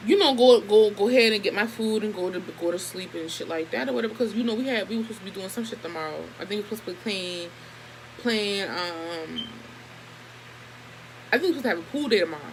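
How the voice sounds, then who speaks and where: A young woman vlogger telling a story in a casual, animated and heavily profane way. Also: medium pitch, quick pace, background noise. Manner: profane, animated, emphatic retelling.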